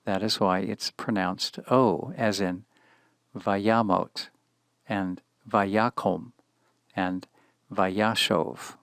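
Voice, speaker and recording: A man reading a scripted grammar lesson, measured and careful, pronouncing each example word deliberately. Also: lowish voice, steady tone, creaky, a bit bright, no room sound, clean studio sound. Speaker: language teacher. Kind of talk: scripted instructional narration.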